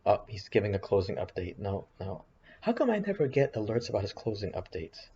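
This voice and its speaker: A man's voice: fairly low pitch, very animated, brisk, mellow, slightly rough, lo-fi sound. A tired, yawning man rambling and thinking aloud over his trading charts in casual commentary, often putting himself down. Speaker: options trading vlogger. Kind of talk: casual screen-share commentary.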